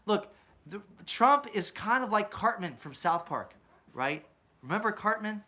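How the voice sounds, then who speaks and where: Channel host, male, bright tense tone, ranty political commentary full of rhetorical questions. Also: high voice, animated, unhurried. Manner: ranting, asks rhetorical questions, often adds "right?"; mocks opponents with put-on quotes.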